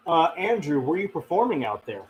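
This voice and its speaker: A man's voice: a little high, sing-song, a little fast, slightly rough, poor audio. A man hosting a casual live stream, reading and answering chat, rambling with many fillers and frequent laughs. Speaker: paranormal channel host reading live chat.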